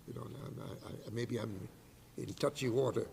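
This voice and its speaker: A man closing his eulogy at a memorial service, speaking in a halting, heartfelt way. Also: mid-range voice, gravelly, darkish tone. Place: funeral home service hall. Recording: reverberant hall with faint background noise.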